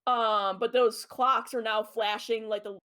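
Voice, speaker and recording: A woman's voice: a little high, steady tone, a little slow, fairly bright tone. A woman co-hosting a podcast, explaining at length in casual chat with many ums and uhs. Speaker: podcast co-host. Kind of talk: casual chat about a video game.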